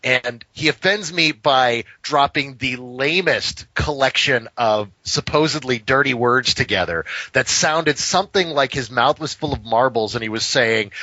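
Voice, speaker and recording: Bright-voiced man telling a profane story. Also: medium pitch, measured pace, few pauses, no room sound. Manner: animated, profane, acts out every person in the story. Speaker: podcast co-host. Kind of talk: casual storytelling. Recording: slightly dull, dry recording.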